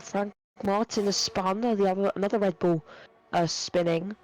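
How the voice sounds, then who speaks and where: A man's voice: high-pitched, steady tone, normal speed, faint music behind, rough recording. A young man giving live sim racing commentary, rambling with lots of fillers and self-corrections. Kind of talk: live esports race commentary.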